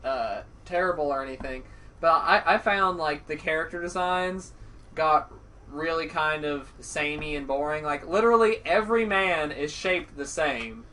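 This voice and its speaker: A man's voice: fairly high pitch, normal speed, bright, forceful tone, slight background noise. A man co-hosting a casual podcast chat, thoughtful and hedging with fillers. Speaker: podcast co-host. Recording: distant from the mic.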